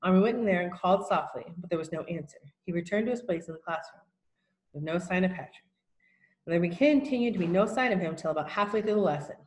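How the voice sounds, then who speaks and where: A woman's voice: lowish voice, lively intonation, darkish tone, roomy sound, rough recording. Woman reading a children's novel aloud. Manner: plain, unhurried narration with small slips. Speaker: reader.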